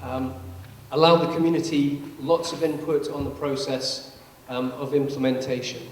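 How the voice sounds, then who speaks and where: A man giving a public lecture, explaining in a measured way with touches of dry humor. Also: mid-range voice, flat delivery. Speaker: guest presenter, scientist. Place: large public meeting hall. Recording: echoey hall from far off, faint hum.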